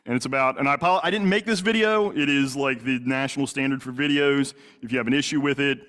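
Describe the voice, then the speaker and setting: A man's voice: medium pitch, quick pace, fairly bright tone. A middle-aged man, a police detective, telling a story in a lecture, plain-spoken, with many fillers and restarts. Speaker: police detective and crisis negotiator. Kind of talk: lecture to a congregation audience.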